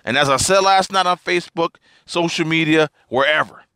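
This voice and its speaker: A man's voice: on the high side, normal speed, bright, forceful tone, clean tone, no echo, studio quality. A man hosting a political commentary podcast, talking emphatically and stressing the same words again and again. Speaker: podcast host.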